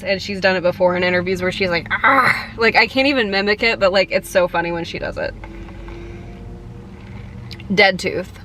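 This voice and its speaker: A woman's voice: medium pitch, fairly bright tone. A young woman chatting casually in a fan vlog, giggly and full of "like" and "um". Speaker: vlogger.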